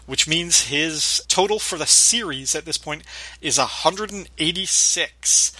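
A man's voice: fairly high pitch, unhurried, crowd noise. A man co-hosting a podcast, chatting casually about a sitcom episode and quoting its lines. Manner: chatty, quotes lines with light laughter. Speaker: podcast co-host.

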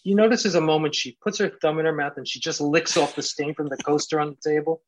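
A man's voice: fairly high pitch, fast talker, a little hiss or hum, poor audio. Earnest man, guest on a podcast. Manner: earnest, admiring, retells scenes. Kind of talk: casual chat.

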